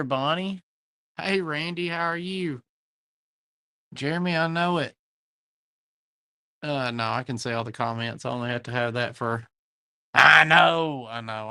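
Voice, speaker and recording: A man's voice: fairly high pitch, sharp tone, clean tone, no echo. A man with a Southern US accent hosting a live online antique sale from his shop, chatting folksily and greeting viewers by name. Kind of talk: livestream chat, reading viewer comments.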